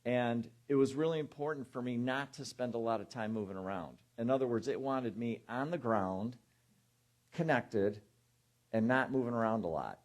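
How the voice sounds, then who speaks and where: A man of average pitch gives a sermon as a guest minister, telling his own story to a congregation. He slips into softer voices to act out the thoughts and words he heard, then returns to plain storytelling. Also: normal speed. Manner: personal storytelling, acting out inner voices in quieter tones.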